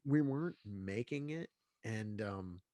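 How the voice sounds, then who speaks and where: A congested man speaks in a fairly low voice, a guest in a relaxed interview. He rambles, circles back and restarts his sentences often, with plenty of fillers. The sound is dry and close. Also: takes it slowly, no room sound. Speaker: guest filmmaker. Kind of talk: casual interview chat.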